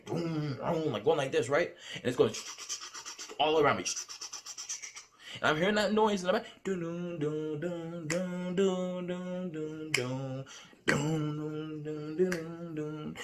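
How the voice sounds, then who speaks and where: A man vlogging as he recounts a dream, talking in a rambling, excitable way with many fillers and restarts. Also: a little high. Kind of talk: casual storytelling to camera.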